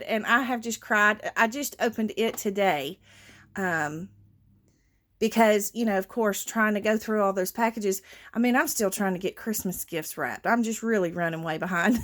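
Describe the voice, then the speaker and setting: A woman's voice: on the high side, unhurried. A woman chatting casually and emotionally to her viewers as a craft channel host, with lots of fillers. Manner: emotional, gushing, warm thanks with many fillers.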